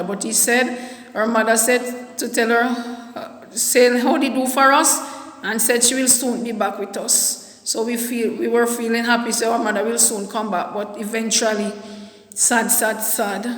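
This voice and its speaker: A woman telling a personal story in a halting, soft-spoken way, often repeating her words. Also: a little high. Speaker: vlogger. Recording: echoey room with long reverb.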